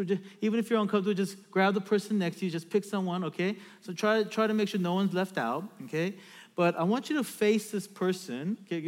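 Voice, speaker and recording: A pastor with a high voice preaches in a church sanctuary, his sound filling a large hall. He reads scripture, then leads the congregation through an interactive exercise, preaching animatedly and giving the audience direct instructions.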